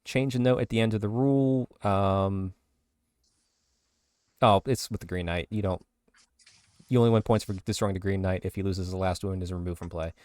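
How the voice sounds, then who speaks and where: A man's voice: deep voice, moderate pace, long pauses, a little mellow, no room sound, studio quality. A man co-hosting a casual podcast, rattling through lists of game rule changes. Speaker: podcast co-host. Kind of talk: casual podcast chat reading rules updates.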